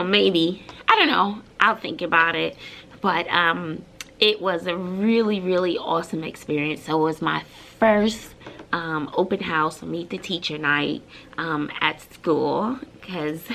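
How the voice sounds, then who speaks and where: A bubbly woman from Brooklyn, a middle school teacher, chats casually to her vlog audience. Her voice is bright and sharp with a gravelly edge, and she talks with lots of fillers and open feeling. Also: fairly low pitch, lively intonation, a little slow, a little hiss or hum. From Brooklyn, New York. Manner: bubbly and emotional, with many fillers.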